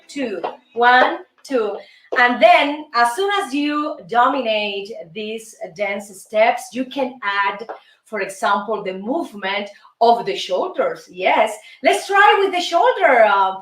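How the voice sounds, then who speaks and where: A high-voiced woman teaches basic dance steps, counting beats aloud in an unhurried, playful manner. Her voice is heard from some distance in a roomy space, with faint music underneath. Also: a bit bright. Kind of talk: casual dance lesson.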